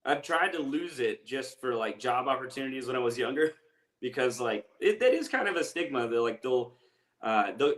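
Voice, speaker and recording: A man with an Appalachian Southern accent, a comedian who is a guest in a casual interview and tells stories in a relaxed way. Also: mid-range voice, roomy sound. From Southwest Virginia, Appalachia.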